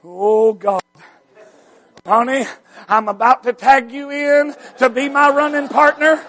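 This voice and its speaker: A man preaching a revival sermon, shouting and stretching out his words for emphasis. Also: very high-pitched, fairly even intonation. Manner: shouting, drawn-out emphatic delivery.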